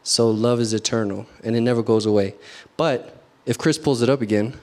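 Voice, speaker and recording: A man's voice: mid-range voice, a little fast, a little mellow. A young man giving a short youth group sermon, earnest and casual, often asking the room questions and saying "like" a lot. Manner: casual, many "like" fillers. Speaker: youth speaker.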